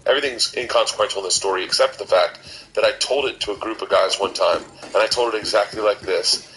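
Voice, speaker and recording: A man in his forties telling a long story in casual chat as a podcast co-host, rambling and restarting, animated when he quotes others. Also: lowish voice, quick pace, rough recording. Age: 40s.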